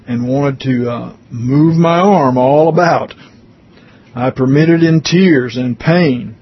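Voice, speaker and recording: A man earnestly reading a written testimony aloud, pausing for brief comments of his own. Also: medium pitch, breathy edge, dull audio.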